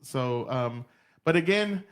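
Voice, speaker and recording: A man's voice: mid-range voice, expressive, takes it slowly. Blunt, profane podcast host man. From Texas. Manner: blunt, profane, laughs often. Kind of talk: casual chat.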